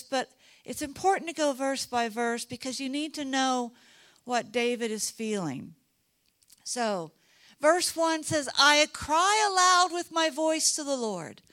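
A middle-aged woman from Texas, preaching a Bible lesson in a high voice and an unhurried pace. She is animated and chatty, and she teases her listeners. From Dallas, Texas. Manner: animated, chatty, teasing the audience. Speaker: Bible teacher. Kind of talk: sermon.

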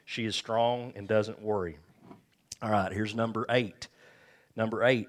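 A man's voice: on the low side, steady tone, unhurried, long pauses. A man preaching a sermon as pastor, folksy and joking, calling on the congregation for amens. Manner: calls for amens from the crowd.

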